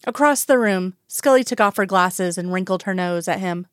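A woman reading a story aloud in calm, even narration. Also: mid-range voice, normal speed, hardly any pauses, smooth, no echo, studio quality. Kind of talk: audiobook narration.

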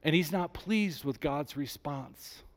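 A man preaching a sermon, rising with emphasis and dropping low and soft when he voices God's words. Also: takes it slowly. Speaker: pastor.

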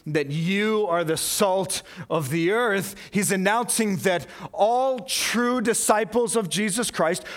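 A man with a high voice preaches to his congregation. He is earnest and emphatic, and he drives his points home with a string of repeated questions. At times he drops low and slow for weight. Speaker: pastor. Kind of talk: sermon.

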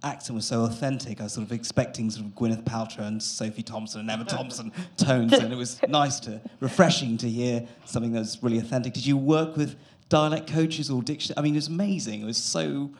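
A man's voice: mid-range voice, steady tone. Man asking a question from the audience. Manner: admiring, halting. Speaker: audience member.

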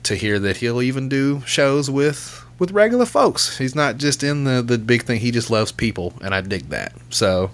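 A man's voice: on the low side, fairly bright tone. Laid-back, cussing male podcast host. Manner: loose and profane, laughs while telling stories. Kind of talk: casual chat.

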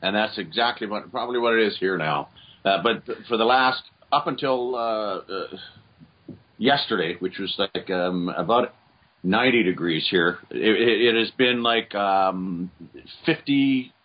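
A man being interviewed as a guest over a remote call, chatting in a rambling, halting way with many restarts. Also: lowish voice, lo-fi sound. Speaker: guest voice actor. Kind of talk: casual interview chat.

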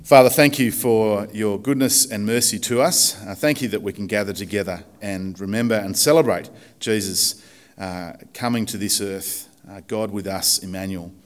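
A man's voice: fairly low pitch, moderate pace. A man preaching a casual, chatty sermon in church, self-deprecating, with many fillers and restarts. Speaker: pastor.

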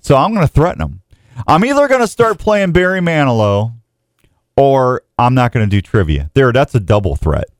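A man's voice: medium pitch, sing-song, normal speed, no echo, studio quality. A man hosting a casual radio show, joking and rambling.

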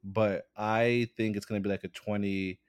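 A man's voice: fairly low pitch, flat delivery, normal speed, clear, resonant tone. A man co-hosting a sports podcast in a laid-back casual way, going over betting lines. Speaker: podcast co-host.

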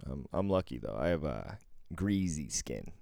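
A man co-hosting a podcast, telling stories in a casual, animated way and swearing freely. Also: a bass voice, normal speed, gravelly, no echo, clean studio sound. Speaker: podcast co-host. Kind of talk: casual chat. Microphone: close podcast mic.

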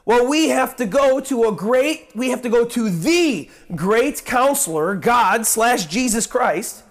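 A man with a strikingly high-pitched voice delivers a sermon in an earnest, conversational way. He leans on repetition, slowing down to stress each line, and now and then breaks into mock-whiny asides. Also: expressive. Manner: slows for emphasis on repeated lines. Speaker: preacher.

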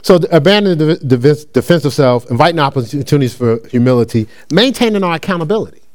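A man's voice: a little high, quick pace. A man preaching a conversational sermon, repeating phrases and checking in with his listeners as he teaches. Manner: animated, repetitive, conversational preaching with call-and-response.

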